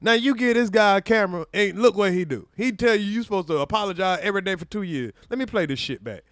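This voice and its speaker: A man's voice: high voice, lively intonation, quick pace, a bit bright, no room sound, studio quality. A man streaming his reaction to a clip, mocking and sarcastic, talking straight to his chat. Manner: mocking, sarcastic, mimics apologies in exaggerated voices. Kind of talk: livestream reaction commentary.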